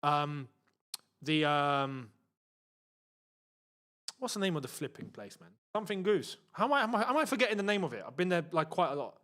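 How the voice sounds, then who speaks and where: A man's voice: fairly high pitch, very animated, moderate pace, long pauses, a bit bright. A young man casually hosting a live football watchalong, chatting in slang and reading out viewer messages. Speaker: host.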